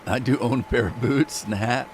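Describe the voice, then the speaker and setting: A man's voice: mid-range voice, a little fast, slight background noise. A man chatting casually on a live stream, talking candidly and rambling with frequent restarts.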